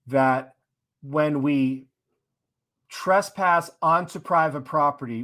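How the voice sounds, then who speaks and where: A man's voice: a little high, sharp tone. A man hosting a live stream in casual chat, reading viewer comments aloud in a loose, sarcastic way and laughing along.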